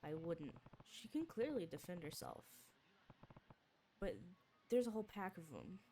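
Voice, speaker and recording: A woman's voice: on the low side, sing-song, a little slow, mellow, a little hiss or hum. Woman reading as a terse, chivalrous brawler. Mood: stern. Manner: blunt, terse. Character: stoic, chivalrous young male brawler.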